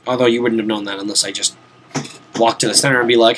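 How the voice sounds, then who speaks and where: Seated at a desk in his home room, a young VTuber streamer plays a video game and rambles casually, occasionally swearing and talking to himself. Tired and yawning, he speaks quickly in a fairly low, fairly bright voice with a steady tone, over slight background noise.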